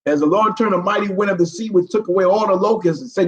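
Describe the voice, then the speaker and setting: A man's voice: high voice, fast talker, highs cut off. A man reads scripture aloud, stumbling over words and breaking off into profane, incredulous commentary.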